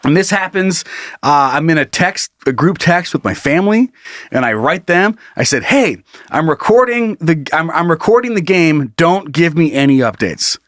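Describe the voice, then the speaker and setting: A middle-aged man co-hosting a podcast, telling a story in animated casual chat, swearing often and laughing mid-sentence. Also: a little high, normal speed, no echo, studio quality. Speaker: podcast co-host.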